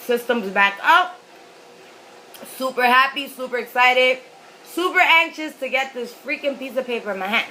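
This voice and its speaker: A woman vlogger rambles casually through a story as she eats, filling it with little fillers. Her voice sits fairly high and sounds bright, with a faint hiss of noise under the recording. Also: lively intonation, moderate pace, poor audio. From New York City. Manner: chatty, rambling, lots of fillers. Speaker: mukbang vlogger. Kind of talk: casual storytelling while eating.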